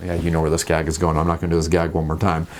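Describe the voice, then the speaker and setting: Fast-talking, jokey male game host. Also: extremely low pitch. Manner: animated and jokey, acts out table scenes. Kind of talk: casual talk about tabletop games.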